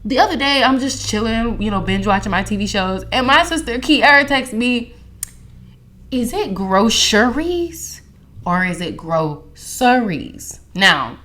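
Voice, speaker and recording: A young woman hosting a casual podcast chat, telling animated slangy stories and laughing often. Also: fairly high pitch, normal speed. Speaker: podcast host.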